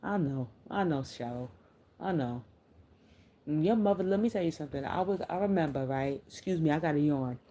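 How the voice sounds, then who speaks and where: A middle-aged woman with a deep, dark voice livestreams casual chat at a moderate pace. Blunt and profane, she shares candid stories while replying to her viewers' comments.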